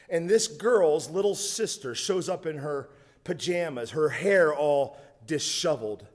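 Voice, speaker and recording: A man's voice: a little high, animated, takes it slowly. A man preaching a sermon, telling a humorous story with asides. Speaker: pastor.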